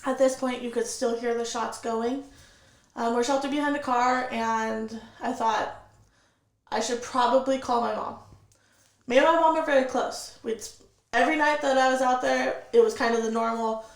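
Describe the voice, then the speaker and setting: A woman recounts her own experience as a guest on an interview show, steady and vivid, slipping into quoted dialogue as she goes. Her voice sits a little high and carries a gravelly fry. The recording has a roomy echo around it. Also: normal speed. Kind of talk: personal storytelling in an interview.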